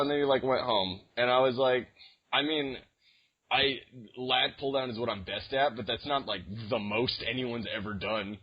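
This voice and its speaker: This podcast co-host is a young man whose husky, mid-range voice moves at a normal speed. His casual stories wander, with plenty of fillers and restarts, and the recording is dull and lo-fi.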